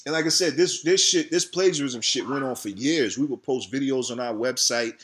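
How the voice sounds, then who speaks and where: A man's voice: mid-range voice, fairly quick, few pauses, fairly bright tone. A man, ranting heatedly and profanely in a casual vlog about his channel. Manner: profane, heated, repetitive venting. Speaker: video creator.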